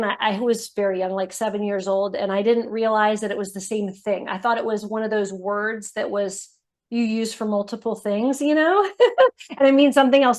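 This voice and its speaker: A woman guest on a podcast, telling her story in a casual, animated way, with lots of "like" and "you know". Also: on the high side. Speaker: guest, brand founder.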